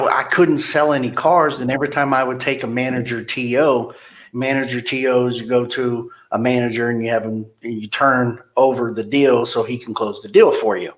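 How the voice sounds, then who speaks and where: A man's voice: medium pitch, roomy sound. A man who manages a car dealership, telling stories from his sales career in a casual interview and acting out the people in them. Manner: animated, acts out quoted people.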